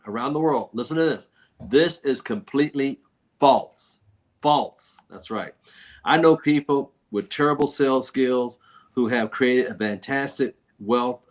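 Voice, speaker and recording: A man hosting a book discussion, reading passages aloud and riffing on them in a repetitive, folksy, preacher-like way. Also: on the low side. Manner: repetitive, folksy, sermon-like emphasis. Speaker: book review host.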